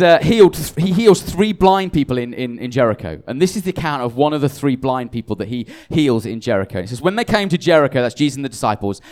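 Casting: tired male preacher, mid-pitched voice, chatty and self-mocking, lots of restarts. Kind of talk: conversational sermon.

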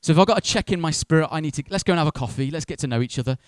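A man's voice: on the high side, racing, no room sound, studio quality. A man preaching a sermon in a conversational way, acting out voices of churchgoers with humor.

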